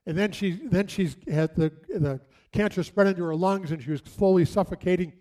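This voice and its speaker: A middle-aged pastor's high-pitched, dark voice carries his sermon. He tells stories the way one would in conversation, with pauses for drama.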